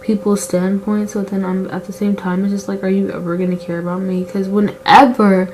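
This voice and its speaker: Mellow-voiced teen girl vlogger rambling candidly. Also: medium pitch, flat delivery, brisk, slight background noise, low-quality recording. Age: late teens. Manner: rambling and confessional, full of "like" fillers; candid and emotional about her feelings. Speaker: beauty vlogger. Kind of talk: casual chat while doing makeup.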